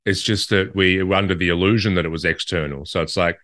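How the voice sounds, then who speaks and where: A man's voice: low-pitched, steady tone, quick pace, fairly bright tone, no echo, studio quality. A man co-hosting a casual podcast chat, reflective and thoughtful. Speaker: podcast co-host.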